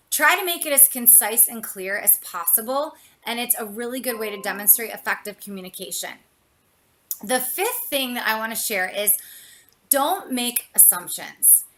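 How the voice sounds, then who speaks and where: A woman communication coach giving an expressive, chatty motivational talk, full of "you know" and "like". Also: on the high side.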